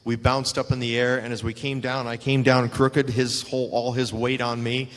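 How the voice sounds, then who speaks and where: An older man, a retired wrestler, telling animated stories as a guest at a live fan Q&A and acting out the quotes. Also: mid-range voice, normal speed, big-room sound. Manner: animated anecdotes with acted-out quotes.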